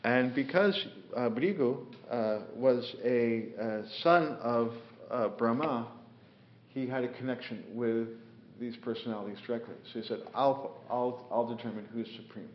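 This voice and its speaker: A man with a medium-pitched voice teaches a scripture class at a normal speed, telling stories unhurriedly, using many fillers and voicing the characters. As a spiritual teacher, he is recorded in an echoey room with dull, lo-fi sound.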